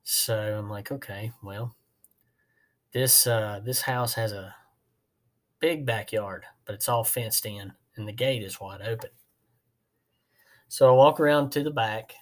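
A man hosting a podcast, telling a work story in a rambling, folksy way with many fillers. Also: mid-range voice. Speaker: podcast host, HVAC technician. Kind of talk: casual storytelling.

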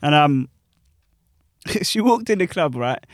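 A young man, a club DJ telling animated stories in casual chat full of slang. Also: fairly high pitch, takes it slowly, dry recording, studio quality. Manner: animated, laughing anecdotes with British slang.

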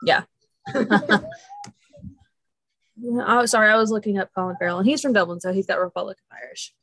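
A woman's voice: medium pitch, a little fast, a bit bright, dry recording. Chatty woman co-host, dry close sound. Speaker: podcast co-host. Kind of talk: casual chat.

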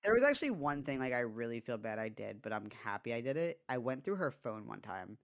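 A man's voice: mid-range voice, big pitch swings, a little fast, gravelly, fairly bright tone. Young man telling a story, swearing. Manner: confessional, heavy swearing, many fillers. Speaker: podcast co-host. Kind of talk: casual podcast storytelling.

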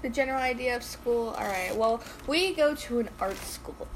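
A teenage girl co-hosting a casual podcast, loud, teasing and quick to laugh. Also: a little high, slight background noise, low-quality recording. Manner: giggly, loud, quick to tease. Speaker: podcast co-host. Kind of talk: casual chat.

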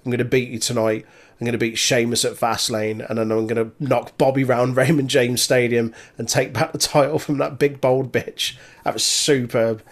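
A man chatting casually as a podcast co-host, animated, laughing often and swearing. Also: medium pitch, moderate pace. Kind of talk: casual chat recapping a wrestling show.

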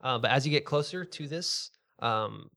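A man narrating a tabletop game as game master, describing scenes in a relaxed second-person way. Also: medium pitch, moderate pace, vocal fry.

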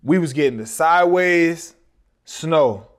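A man's voice: on the high side, lively intonation, slow pace. A man who used to play football, co-hosting a podcast and telling a story in a laid-back, conversational way. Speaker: podcast co-host, former football player. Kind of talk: casual storytelling.

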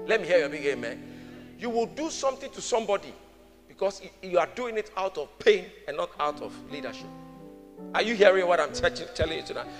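A man preaching a sermon as pastor, calling the congregation to answer and acting out the people in his stories. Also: high-pitched. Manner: preaching with call-and-response, acting out voices. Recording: music with long hall reverb.

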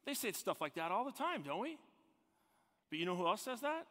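Animated preacher in a reverberant hall. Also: male voice, high-pitched, brisk. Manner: animated preaching, swinging from loud emphatic peaks to hushed near-whisper. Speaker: pastor. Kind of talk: sermon.

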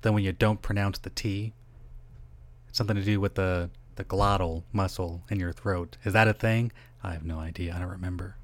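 A man's voice: fairly low pitch, dry recording. A middle-aged man hosting a solo podcast, rambling, interrupting himself and swearing casually. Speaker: podcast host.

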